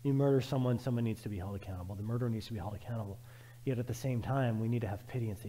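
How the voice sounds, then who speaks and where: A man preaching a sermon as pastor, emphatic and repetitive, swinging from loud urging to quiet, reflective passages. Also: lowish voice, very fast, long reverb tail, slight background noise.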